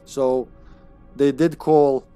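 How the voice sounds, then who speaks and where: A game streamer giving chatty live commentary on a horror game, excitable and swearing when startled. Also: medium pitch, very slow, soft background music.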